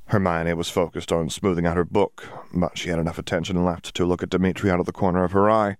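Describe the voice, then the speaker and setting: A man reading a fantasy story aloud as an audiobook narrator, in a steady storytelling read on a close mic. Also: low-pitched, a little fast, dry recording. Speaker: audiobook reader. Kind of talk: scripted narration.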